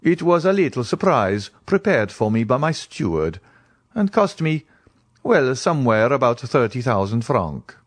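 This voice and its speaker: A man voicing a courtly, ironic count in an audiobook, with polished and smoothly courteous speech. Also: mid-range voice, big pitch swings, measured pace, no echo, pitched above the performer's own voice. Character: suave scheming male count, courtly and ironic.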